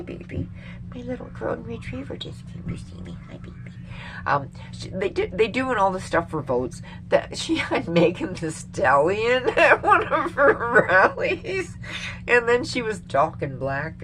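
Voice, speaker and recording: A woman with a low voice rambles through a casual rant for her vlog, swearing freely and breaking into laughter. There is a faint hiss of noise behind her. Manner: rambling, profane, laughs often. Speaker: vlogger. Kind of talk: casual opinion rant to camera.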